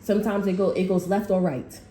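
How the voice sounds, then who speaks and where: A woman's voice: mid-range voice, fairly even intonation, fairly quick, warm tone, slight background noise. A woman tarot reader in a casual, rambling spiritual monologue, blunt and full of swearing. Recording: echoey room.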